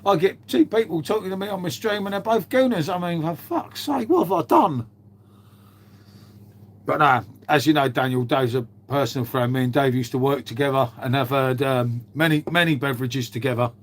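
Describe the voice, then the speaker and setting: A man's voice: mid-range voice, moderate pace. A man, chatting casually on a live stream, swearing freely and bantering as he answers viewers' chat. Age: 50s.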